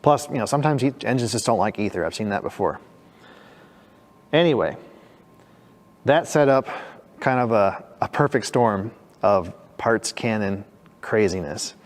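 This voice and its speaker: A man with a fairly low voice narrates a repair job in his garage, dry and matter-of-fact. His words come out a little thick, as if his mouth is still numb from the dentist. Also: lively intonation, normal speed. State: talking with a numb, full-sounding mouth after dental work. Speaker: mechanic and channel host. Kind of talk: casual shop narration.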